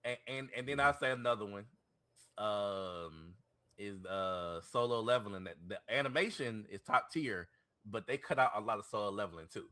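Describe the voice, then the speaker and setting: Podcast co-host, male, low-ish bright voice, loose repetitive slangy delivery. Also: animated, moderate pace. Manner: rambling, repeats words, slangy. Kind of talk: casual chat.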